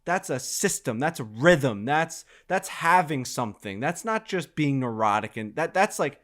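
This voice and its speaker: A young man co-hosting a golf podcast, telling stories in an excitable, profane, casual way. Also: fairly high pitch, normal speed. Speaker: podcast co-host.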